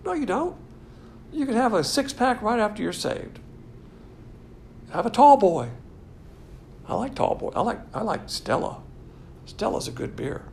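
Male preacher, casual sermon, gravelly voice, faint noise behind. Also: high-pitched, measured pace, long pauses. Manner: animated, jokey, mimics imagined people in quoted voices.

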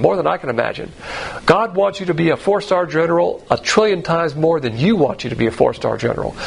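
A man's voice: a little high, gravelly, slightly rough, low-quality recording. A man teaching the Bible verse by verse in a blunt, folksy way, full of rhetorical questions and acted-out quotes. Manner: acts out quoted voices.

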